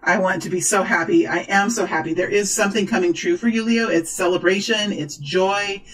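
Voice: mid-range voice, a little fast, low-quality recording. A tarot reader talking to viewers during a card reading, gushing and exclaiming. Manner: excitable, exclaims and gushes.

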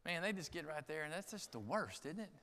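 A man preaching a sermon as pastor, passionate, moving between quiet conversational asides and shouted climaxes. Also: on the high side, big pitch swings, brisk. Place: large church sanctuary. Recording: long hall reverb in a church sanctuary.

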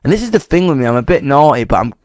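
A man with a slightly raised pitch tells a cheeky story in an interview, laughing and swearing freely. The sound is dry and close. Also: very animated, rapid-fire, darkish tone, dry recording. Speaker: guest. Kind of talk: animated anecdote in casual interview.

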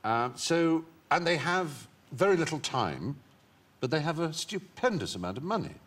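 A man's voice: a little high, sing-song, normal speed, fairly bright tone. A male talk show guest telling long, witty anecdotes full of playful asides. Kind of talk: anecdotal chat show storytelling. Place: TV studio with a live audience.

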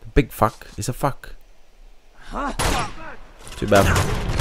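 A man's voice: medium pitch, very animated, takes it slowly, pauses often, faint music behind. Man swearing through a game playthrough. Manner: swears a lot, trash-talks enemies, loud outbursts. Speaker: gamer streamer. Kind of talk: let's play commentary.

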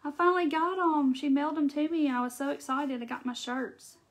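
A woman's voice: high-pitched, fairly even intonation, brisk. A woman with a Southern American accent hosting a live craft tutorial, chatting in a folksy way straight to her viewers.

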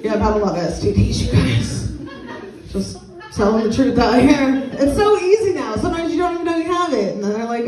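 Brief: young female stand-up comic, crude and deadpan, fairly high voice, echoey club, audience laughing. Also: a little fast. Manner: blunt, crude, deadpan delivery. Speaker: stand-up comedian. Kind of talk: stand-up comedy set with crowd work. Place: small comedy venue with a live audience. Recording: echoey room, mic at a distance, audience laughter. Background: crowd laughing.

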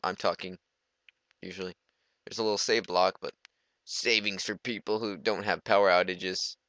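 A man's voice: low voice, fairly even intonation, normal speed, pushed and bright, dry recording. A teenage boy giving rambling, goofy let's play commentary, talking to himself as he plays. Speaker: gamer.

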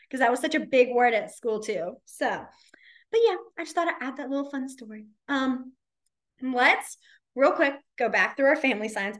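A young woman teaching a beginners' sign class in a library room. Her voice sits slightly high, and she talks in a chatty, storytelling way, full of ums and little laughs. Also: a bit bright. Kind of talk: casual class teaching with stories.

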